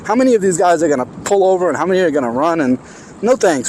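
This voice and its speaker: A man with a New York accent talks casually into a clip-on mic as he rides through the city. His voice sits a bit high for a man, and he rambles along with loose restarts. Faint street noise runs behind him outdoors. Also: very animated, fast, darkish tone. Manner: rambling, chatty, thinks aloud with restarts. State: parched, voice getting strained. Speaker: vlogger riding an electric unicycle. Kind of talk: casual vlog talk while riding. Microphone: clip-on mic while riding.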